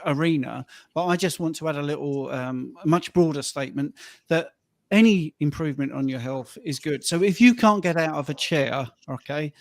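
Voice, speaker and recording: A man's voice: fairly high pitch, no echo, clean studio sound. Man telling coaching stories. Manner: anecdotal, gets emotional telling stories. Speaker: fitness and rehab coach. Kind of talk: casual panel chat.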